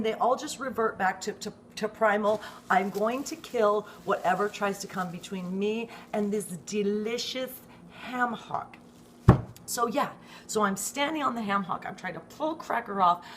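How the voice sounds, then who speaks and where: An animated, exasperated middle-aged woman rants through a casual vlog story, her fairly high voice rising and swearing freely. She keeps checking in with the listener, and faint background noise sits under the recording. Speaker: vlogger, dog owner.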